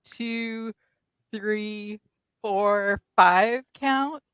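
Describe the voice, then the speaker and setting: A woman's voice: medium pitch, drawn-out words, a bit bright, smooth, no echo. A woman playing a tabletop game, thinking her moves through aloud with hesitant restarts. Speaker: player. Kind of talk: tabletop role-play.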